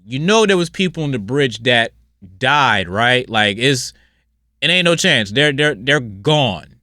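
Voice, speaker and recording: Blunt, bright-voiced man hosting a podcast. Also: very animated, a little slow, no echo, clean studio sound. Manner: blunt, rambling, swings from loud outbursts to low mutters. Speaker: podcast host. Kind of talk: casual solo podcast commentary.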